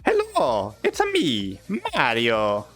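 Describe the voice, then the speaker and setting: A man putting on a high, exaggerated, cheerful cartoon plumber voice in a falsetto. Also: huge pitch swings, takes it slowly, a bit bright, soft background music, heavily acted. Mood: cheery.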